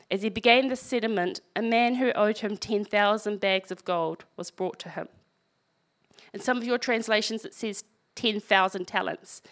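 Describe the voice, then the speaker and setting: A woman preaches to a congregation, moving between measured scripture reading and casual, wry commentary. Her voice sits at a middle pitch for a woman. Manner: conversational, wry asides while reading scripture. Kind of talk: sermon.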